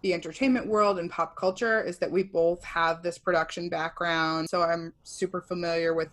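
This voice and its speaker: A woman from Cambridge, Massachusetts with a Boston accent, co-hosting a podcast in wry, relaxed casual chat. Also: on the low side, normal speed. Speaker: podcast co-host.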